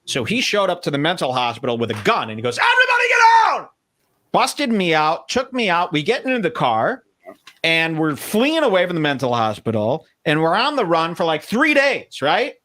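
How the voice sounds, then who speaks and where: A man talking casually on a livestream, leaning into sarcasm and acting out the lines of people in his story. His voice is bright and forceful, and it jumps around a lot in pitch. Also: big pitch swings, moderate pace. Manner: storytelling with acted-out quotes, sarcastic.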